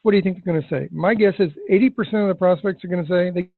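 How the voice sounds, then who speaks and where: A man teaching sales technique in a webinar, emphatic, acting out scripted questions with deliberate pauses. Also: high voice, husky, dry recording. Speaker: sales trainer. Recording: tinny phone-like webinar audio.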